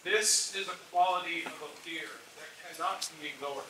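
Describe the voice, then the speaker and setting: A man's voice: on the high side, normal speed. A man giving a formal ceremonial speech, emphatic and stressing key words. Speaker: member of an order speaking at a ceremony. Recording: echoey, distant, with background noise.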